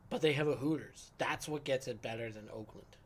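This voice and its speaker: A man's voice: medium pitch, brisk, breathy edge. A man in his late thirties, co-hosting a sports podcast live stream, joking and riffing casually over beers. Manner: joking, banters and riffs. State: drinking beer while talking. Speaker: podcast co-host. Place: home live stream setup.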